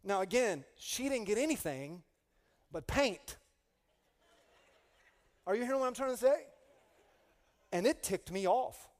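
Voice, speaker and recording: A man's voice: high-pitched, unhurried, long pauses. A middle-aged male pastor preaching a humorous sermon, telling stories with comic energy and calling out to the congregation. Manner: animated, comic, with rising call-outs to the congregation. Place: church sanctuary. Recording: long reverb of a large hall.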